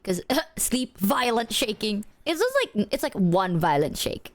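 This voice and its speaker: A young woman in casual chat, telling animated stories, cursing freely and mimicking voices. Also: mid-range voice, a little slow. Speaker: streamer.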